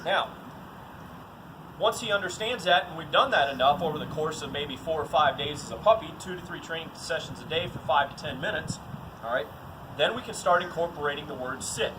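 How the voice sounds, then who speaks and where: A man with a voice a little higher than most talks through a dog training routine. He is plain-spoken and direct, and keeps saying "all right" between steps. Outdoor hum and passing traffic can be heard clearly behind him. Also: fairly quick, far from the mic. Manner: plain, to-the-point, says "all right" often. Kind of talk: casual outdoor training demo.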